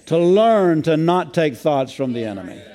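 A man's voice: on the high side, big pitch swings, moderate pace, dark tone. A male pastor preaching a sermon in a folksy way, with many fillers and restarts.

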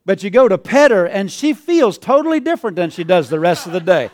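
A man's voice: high-pitched, very animated, brisk, darkish tone. A male pastor preaching a sermon, often chuckling and calling out to the congregation. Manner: chuckling, call-and-response.

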